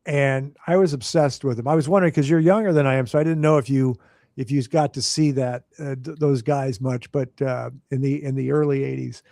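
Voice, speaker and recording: A man's voice: mid-range voice, fairly even intonation, a little fast, creaky, mellow, no echo. Host guy in his 50s, dry close sound, eager fan questions. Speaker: podcast host. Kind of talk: casual interview chat.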